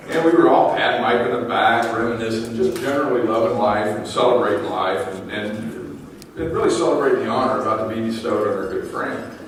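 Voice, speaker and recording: Middle-aged man roasting in an echoey hall. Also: medium pitch. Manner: teasing, anecdotal, dry punchlines. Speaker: roast speaker at an awards dinner. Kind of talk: roast speech to a banquet audience. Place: large banquet hall. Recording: very echoey hall, distant mic, faint room noise.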